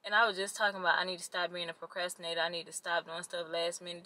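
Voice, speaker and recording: A woman's voice: fairly low pitch, fast, bright, forceful tone, rough recording. A young woman, chatting casually to the camera in a vlog and complaining to her viewers. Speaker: vlogger.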